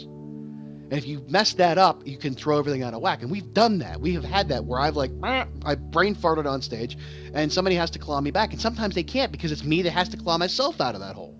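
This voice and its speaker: Rambling man over game music. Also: on the high side. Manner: rambling, repeats words, restarts often. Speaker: vlogger and stage actor. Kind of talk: candid casual monologue. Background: game music playing.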